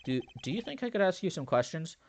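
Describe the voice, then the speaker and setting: A man reads a story game's dialogue aloud without putting on voices, then breaks off into jokes and theories of his own. His pitch leaps up and down freely. A faint background noise sits under the recording. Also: sing-song, quick pace. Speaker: let's play commentator. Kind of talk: game playthrough reading dialogue aloud.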